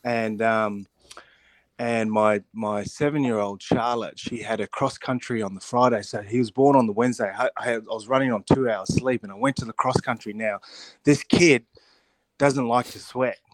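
Middle-aged bloke, rugby pundit, animated storyteller, laughs a lot, dry sound. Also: male voice, mid-range voice, moderate pace, no echo. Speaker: rugby pundit, weekly guest. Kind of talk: casual radio chat.

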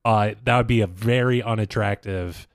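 Man, podcast co-host, low voice, dry close recording, reasons out loud. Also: moderate pace, dry recording. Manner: dry, crude, reasoning aloud. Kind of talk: casual chat.

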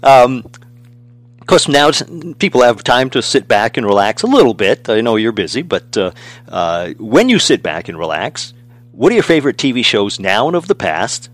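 A man's voice: mid-range voice, very animated, moderate pace, no room sound. A man hosting an interview, asking questions in an easygoing way and chuckling now and then. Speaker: interviewer, host. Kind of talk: casual interview.

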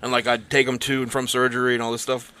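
A man's voice: mid-range voice, flat delivery, quick pace, pushed and bright, clear, resonant tone, no echo. A young man co-hosting a casual podcast, telling stories in a laid-back way with lots of fillers. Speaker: podcast co-host. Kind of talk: casual comedic chat.

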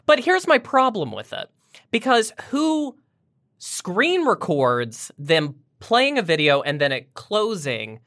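A woman in a playful chat who giggles often. Her voice is bright and swings widely up and down in pitch. The sound is dry and close to the mic. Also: sing-song, takes it slowly, no room sound. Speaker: co-host. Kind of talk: casual chat.

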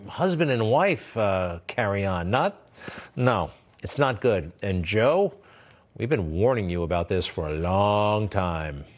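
A man's voice: lowish voice, animated, slow. A man hosting political commentary, talking in a mocking, scornful way with chuckling asides. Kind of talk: opinionated commentary.

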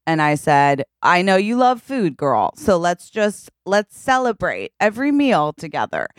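A playful woman chatting on a podcast, her voice smooth and resonant, swinging up and down with lively pitch. She jokes constantly and slips into little acted voices. The sound is close and dry. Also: measured pace, dry recording. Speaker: podcast co-host. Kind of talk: casual chat.

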